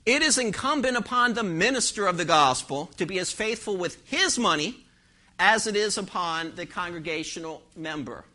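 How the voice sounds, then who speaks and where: A man's voice: high voice, lively intonation, moderate pace, pushed and bright. A man, a pastor, preaching an emphatic sermon in church and firing rhetorical questions at his congregation. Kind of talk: expository sermon.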